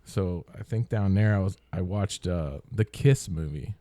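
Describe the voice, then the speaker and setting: A man's voice: sits low, unhurried, dark tone, no echo. A man who is a first-time guest on a podcast, chatting casually and bluntly with a laugh. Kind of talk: casual chat.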